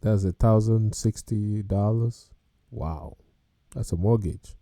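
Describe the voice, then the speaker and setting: A man's voice: lowish voice, slow, warm tone, dry recording, studio quality. A man hosting a podcast, reacting to video clips about car payments with casual, incredulous commentary and laughter. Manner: incredulous, laughs and exclaims at prices.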